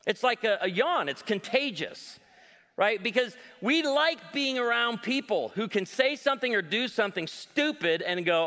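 A man in his forties performs stand-up on stage, his voice high and bright. He tells stories with animated delivery and slips into other voices for quotes. The sound carries a long hall reverb. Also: moderate pace. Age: 40s. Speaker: stand-up comedian. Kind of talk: live stand-up comedy.

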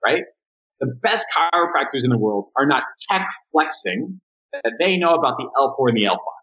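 Animated man telling business stories. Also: fairly high pitch, moderate pace, dull audio. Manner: animated storyteller who acts out quotes. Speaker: guest, marketing agency owner. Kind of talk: casual podcast interview.

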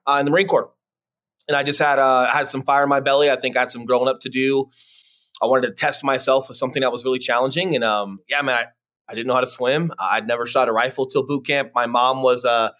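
Middle-aged male guest, casual storyteller, relaxed and chatty. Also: medium pitch. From Colorado. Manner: laid-back, says "man" and "dude" a lot, many fillers. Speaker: podcast guest, real estate agent.

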